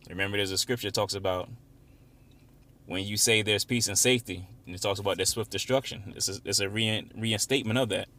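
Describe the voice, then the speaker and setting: A man leading an informal Bible study, reading verses slowly and with emphasis, then explaining them in casual, conversational talk. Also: on the low side, sharp tone, no room sound. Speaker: Bible teacher.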